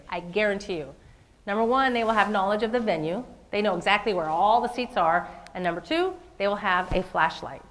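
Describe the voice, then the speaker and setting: Emphatic woman motivational speaker. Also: mid-range voice. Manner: emphatic, repeats phrases, asks audience questions. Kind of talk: live motivational keynote.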